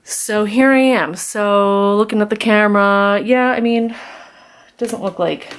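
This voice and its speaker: A woman's voice: medium pitch, slow pace, clear, resonant tone. A woman chatting casually as she works through a craft tutorial, rambling with self-deprecating asides, recorded on a camera's built-in mic. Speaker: craft vlogger.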